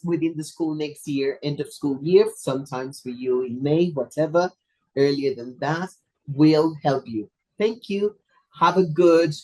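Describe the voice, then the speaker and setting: A hoarse presenter, fighting a cough, wraps up an online teacher webinar in a loose, playful way. They joke at their own expense. The voice comes through a computer mic on a video call. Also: medium pitch, darkish tone, rough recording. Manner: chatty, playful and self-deprecating. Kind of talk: casual online webinar wrap-up. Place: video call from a home or office.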